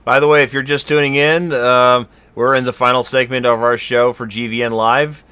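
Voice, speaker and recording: A man hosting a casual online talk show, making relaxed asides and laughing easily. His voice is bright and forceful. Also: mid-range voice, moderate pace, smooth. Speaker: show host. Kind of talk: casual chat.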